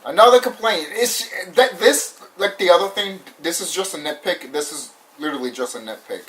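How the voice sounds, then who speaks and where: A young man casually ranting through a movie review, animated and repetitive, swearing often and laughing now and then. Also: high-pitched, moderate pace. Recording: voice somewhat far from the mic.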